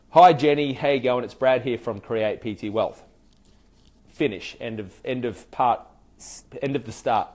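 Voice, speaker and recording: A man's voice: mid-range voice, a little mellow. Chatty Australian man coaching sales callers. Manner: chatty, loose and hesitant, many fillers and restarts; acts out sample phone greetings. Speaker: sales trainer. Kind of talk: conversational training talk.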